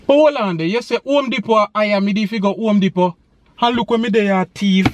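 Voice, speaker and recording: Guy in a comedy skit, begging n panicking, real high voice. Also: a little fast, soft background music. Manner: pleading, frantic patois banter. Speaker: comedy sketch actor. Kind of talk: comedic sketch acting.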